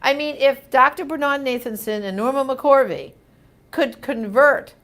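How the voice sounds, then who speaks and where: A woman's voice: sits high, a little slow, a bit bright. A woman hosting a live show, reading viewer comments and answering them in an emphatic, conversational way.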